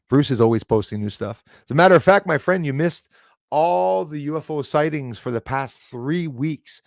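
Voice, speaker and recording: A middle-aged man hosting a casual live stream, excitable, thanking viewers by name and swearing when angry. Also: on the high side, moderate pace, creaky, dry recording, clean studio sound.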